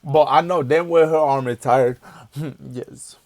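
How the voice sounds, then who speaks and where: Here the reaction-video host, a young man, speaks slowly at a fairly high pitch over soft background music on a dry recording. A loud song plays as he jokes, answers the screen and curses his way through casual banter.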